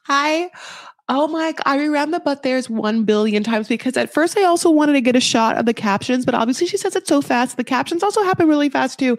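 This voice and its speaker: A woman's voice: high voice, a little fast, no room sound. Chatty gossiping woman, dry close mic. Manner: chatty, gossipy, animated, full of asides and quoted voices. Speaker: podcast host recapping reality TV. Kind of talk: casual chat.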